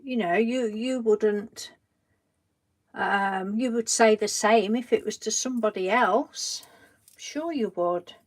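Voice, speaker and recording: A woman hosting a craft live stream. She chats casually, greets viewers and answers them from the live chat, and reassures them gently, often trailing off mid-sentence and starting over. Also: fairly high pitch, slow pace.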